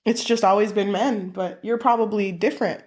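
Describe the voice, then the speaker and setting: A woman co-hosting a casual book podcast, swearing freely and acting out quotes from the story. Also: brisk. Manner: animated, swears, acts out quotes with big pitch jumps. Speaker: podcast co-host.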